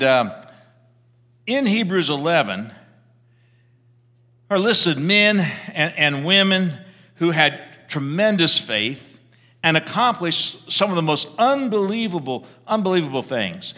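Lively preacher guy telling stories, bright voice, lots of restarts, big church echo. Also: on the high side, slow pace, pauses often. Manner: animated, conversational, with frequent restarts. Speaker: pastor. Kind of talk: sermon with storytelling.

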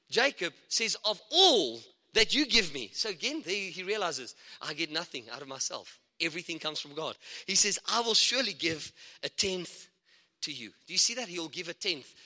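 Excitable preacher in a reverberant hall. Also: male voice, sits high. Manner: animated, excitable preaching with asides and laughs. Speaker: guest preacher. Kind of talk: sermon.

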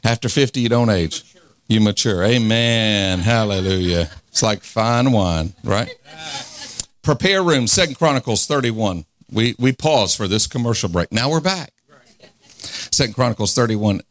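Male preacher in his forties, low-pitched and fervent, playful with laughs, dry recording. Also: expressive, unhurried, dry recording. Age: 40s. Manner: fervent, call-and-response, laughs often. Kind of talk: revival sermon.

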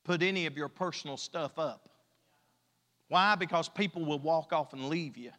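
High bright-voiced preacher in a reverberant church. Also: male voice. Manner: preaching with drawn-out emphatic repetition and humor. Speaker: pastor. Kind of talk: sermon. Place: church sanctuary.

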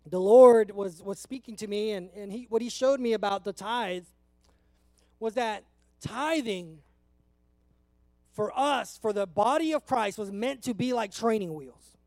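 A man's voice: sits high, measured pace, a little mellow, no room sound. A man in his thirties from California, preaching a conversational sermon to his congregation in an earnest way. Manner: earnest, conversational, emotional at times. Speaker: pastor.

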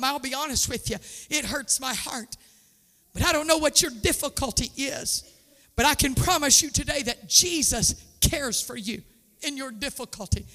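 A woman preacher gives a fervent sermon, her voice bright and piercing. She swings from full-throated shouting to soft, hushed appeals. The sound rings with the long reverb of a large church hall. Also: sits high, moderate pace. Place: church with pews.

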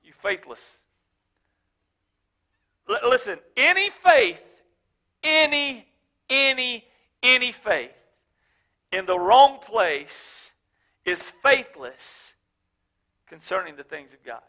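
A man preaching a sermon as pastor, swinging from shouted emphasis to low, joking asides. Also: big pitch swings, slow, pauses often. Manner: casual, joking, speaks of his wife.

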